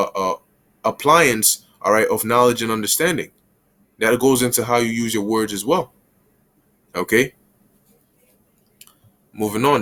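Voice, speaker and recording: A man giving a conversational Bible lesson in casual street slang, breaking into quick little acted scenes. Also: medium pitch, a bit bright. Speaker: bible teacher.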